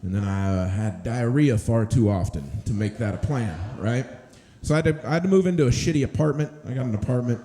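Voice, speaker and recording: A man's voice: medium pitch, fairly quick, dark tone. A man doing a stand-up set on a comedy club stage, telling stories in a laid-back, rambling way.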